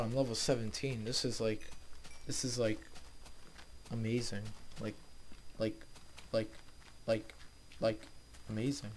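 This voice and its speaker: A man's voice: lowish voice, little pitch movement, unhurried, pauses often, background noise. A young man hosting a let's play, casually commenting on his game and talking to his viewers, easily frustrated but upbeat. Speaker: gaming video host.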